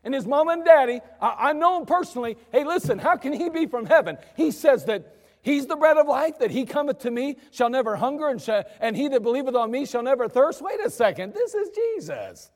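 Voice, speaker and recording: A preacher putting on a scoffing small-town gossip. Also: male voice, extremely high pitch, very animated, fairly quick, darkish tone, pitched above the performer's own voice, heavily acted. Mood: incredulous. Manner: incredulous, mocking. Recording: long church reverb.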